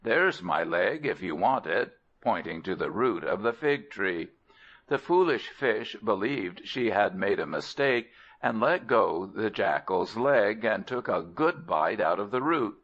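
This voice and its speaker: A man narrating a folk tale as an audiobook in a measured, expressive way, on a dull lo-fi recording. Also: lowish voice. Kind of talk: storybook narration.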